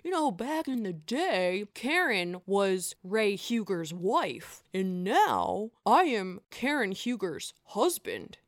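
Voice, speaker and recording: A woman putting on a lowered, slowed voice to play a smug older husband who resents his wife's success. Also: sing-song, dry recording, clean studio sound. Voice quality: lowered, slowed put-on man's voice.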